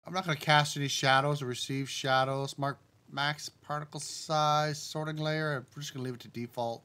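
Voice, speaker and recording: A man's voice: a little high, normal speed, clear, resonant tone. Man thinking aloud on a live stream. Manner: relaxed, talks himself through settings step by step; addresses the chat directly. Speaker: game developer streaming live.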